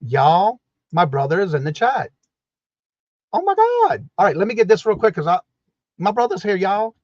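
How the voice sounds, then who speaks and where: A man's voice: sits high, a little fast, a little mellow, no echo, dull audio. A man from New Orleans, hosting a casual morning live stream and greeting viewers in the chat one by one by name. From New Orleans, Louisiana. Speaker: livestream host.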